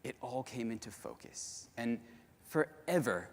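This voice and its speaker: A man giving a storytelling keynote talk at a conference, speaking to the audience directly and in an animated way. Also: mid-range voice, unhurried. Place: large conference hall. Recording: long hall reverb.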